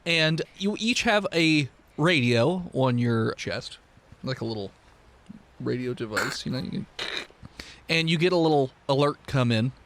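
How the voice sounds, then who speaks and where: A man running a tabletop game as game master, relaxed and rambling. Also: mid-range voice, unhurried, slight background noise.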